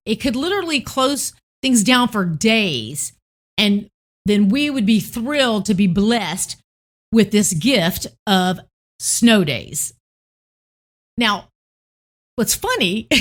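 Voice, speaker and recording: A middle-aged woman from Tennessee, hosting a devotional podcast and gently reminiscing. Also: medium pitch. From Tennessee, United States. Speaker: podcast host.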